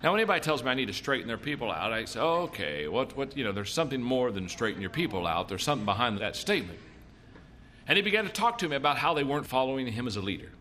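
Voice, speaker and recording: Very fast and very animated, the man's medium-pitched voice has a sharp edge, and there's slight background noise. A middle-aged leadership speaker, he spins folksy stories at a seminar and hammers home his points through repetition.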